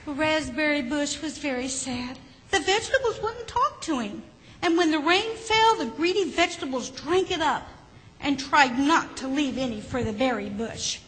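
Woman, children's story reading, high-pitched, gentle, expressive, slight hall echo, faint noise. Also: moderate pace.

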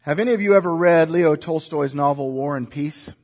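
A man's voice: a little high, brisk. A man preaching a sermon, asking rhetorical questions and leading the congregation to repeat lines together. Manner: rhetorical questions, shifting from soft to emphatic. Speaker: pastor.

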